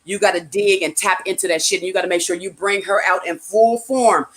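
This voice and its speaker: A woman's voice: medium pitch, steady tone, a little fast. A woman from California giving a casual motivational talk, blunt and profane, repeating her key phrases like a preacher.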